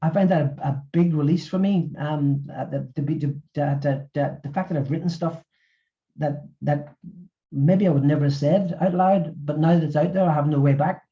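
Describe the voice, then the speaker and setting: A middle-aged man, an author and former physiotherapist, speaking in a webinar interview and talking haltingly with many repeated words. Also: fairly high pitch, fairly even intonation, highs cut off.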